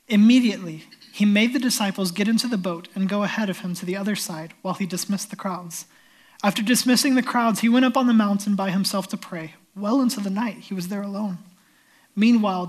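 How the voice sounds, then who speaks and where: A male pastor preaching a sermon and retelling a scripture story vividly. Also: high-pitched.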